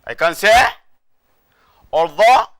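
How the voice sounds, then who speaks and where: Slow, clear-voiced male English teacher. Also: on the high side, big pitch swings, a bit bright. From Sudan. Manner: slow, repetitive, explanatory delivery with frequent checks for understanding. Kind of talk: classroom grammar lesson.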